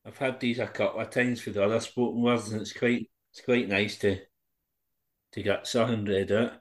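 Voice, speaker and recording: A man's voice: on the low side, steady tone, normal speed. A man hosting a podcast, asking his guest casual questions and wrapping up the show. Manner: laughs along, short interjections. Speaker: podcast host. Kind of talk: casual interview chat.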